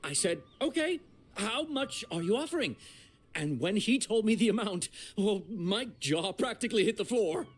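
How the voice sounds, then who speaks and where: A man's voice: sits high, lively intonation, moderate pace. An actor voicing a jittery young man in a video game, nervous and stammering as he defends himself. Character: jittery young man caught in a shady deal.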